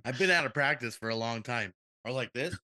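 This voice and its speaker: A young man co-hosting a casual reaction chat, excitable and a bit out of breath, exclaiming and laughing often. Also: medium pitch, fairly quick. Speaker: co-host reacting to videos.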